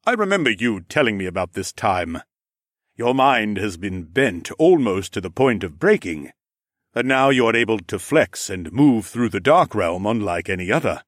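A man's voice: lowish voice, very animated, moderate pace, no echo, clean studio sound. A man voicing a jovial, knowing older ram lord with horns, who speaks in a teasing, slightly formal way. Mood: amused.

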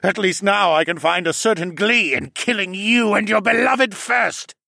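A man's voice: sits high, moderate pace, gravelly, pushed and bright, no echo, studio quality, voice pushed up, exaggerated voice. A male audiobook narrator voicing a treacherous, snake-like councilman villain who sneers and bellows. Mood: sneering. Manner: sneering, bellowing, spitting words.

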